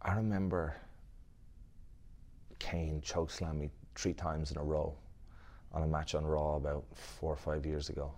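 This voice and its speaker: This is a man with an Irish accent speaking in a very low voice. He chats casually as an interview guest, relaxed, with lots of fillers and easy laughter. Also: measured pace, pauses often. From Ireland. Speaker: guest wrestler.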